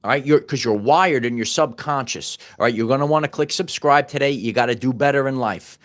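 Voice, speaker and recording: A man's voice: mid-range voice, brisk. A middle-aged man hosting his own channel, preaching in a loose, repetitive monologue full of stumbles and restarts. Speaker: channel host. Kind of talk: off-the-cuff motivational monologue.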